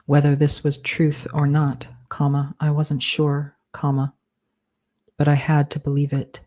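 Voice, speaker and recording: Woman author dictating fiction live, low flat voice, measured, punctuation spoken. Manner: slow, measured, speaking punctuation aloud.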